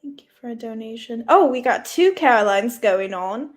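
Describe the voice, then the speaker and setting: A woman's voice: fairly high pitch, lively intonation, moderate pace. A young woman from Nebraska co-hosting a live reading stream in casual chat, giggly and chatty with snorting laughs. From Nebraska, USA.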